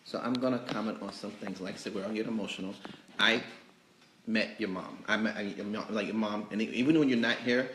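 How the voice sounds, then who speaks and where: A man hosting a casual interview, telling rambling, animated stories about the shop. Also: on the low side, a little fast. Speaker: host. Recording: echoey store, faint noise.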